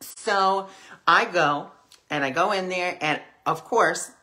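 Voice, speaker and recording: A woman's voice: lowish voice, slow, sharp tone. A woman hosting a weekly spiritual discussion, talking conversationally and acting out voices in her stories. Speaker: spiritual teacher.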